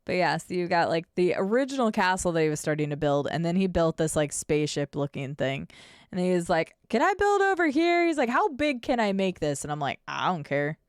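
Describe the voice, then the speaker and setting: A woman's voice: on the low side, smooth, dry recording, studio quality. A woman streaming a game, chatting casually with her viewers and fellow players and laughing often. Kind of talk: casual gameplay stream chat.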